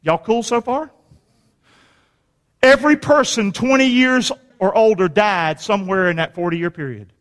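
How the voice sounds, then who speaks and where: A man preaching a sermon, quizzing the congregation and rising to shouts at the peaks. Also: high voice, a little slow, in a large hall. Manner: preaching with call-and-response questions to the congregation; rises to shouting at climaxes. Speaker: pastor.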